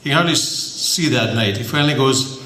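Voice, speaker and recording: A man's voice: medium pitch, a little fast, pushed and bright. Man telling a rambling joke. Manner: rambling, stumbling, with fillers. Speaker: joke teller. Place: party hall. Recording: roomy hall with faint noise.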